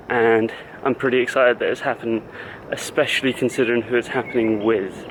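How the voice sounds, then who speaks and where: A man's voice: medium pitch, fairly even intonation, brisk, background noise. A man who coaches fitness, talking casually to the camera in a vlog and explaining things in loose, stop-start phrases.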